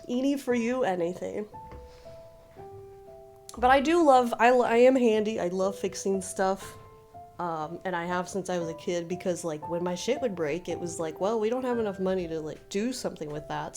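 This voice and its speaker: Unhurried woman gushing on stream. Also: mid-range voice. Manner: gushing, excitable, laughs often. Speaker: livestreamer. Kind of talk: casual live-stream commentary.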